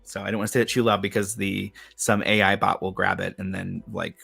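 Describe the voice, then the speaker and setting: A man's voice: deep voice, flat delivery, brisk, gravelly, fairly bright tone, slightly rough, faint music behind. A man hosting a casual craft livestream, chatty and upbeat, rambling a little as he reads viewer comments. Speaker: host of a craft and witchcraft livestream.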